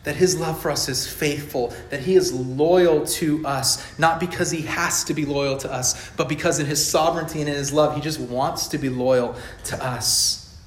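A man's voice: a little high, fairly even intonation, moderate pace. Fervent male preacher in an echoey church. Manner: emphatic, rising to loud fervor. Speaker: pastor. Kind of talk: sermon.

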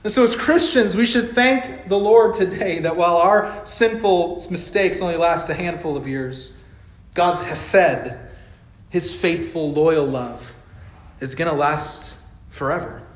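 A man preaching an emphatic sermon to his congregation, building to loud fervor. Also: fairly high pitch, slow pace. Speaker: pastor. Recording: echoey church hall.

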